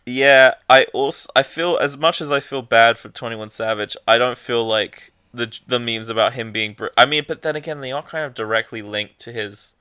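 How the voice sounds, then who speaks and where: A young man co-hosting a podcast in casual chat, rambling and halting, often laughing. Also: medium pitch, pushed and bright, clean tone, no room sound. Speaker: podcast co-host.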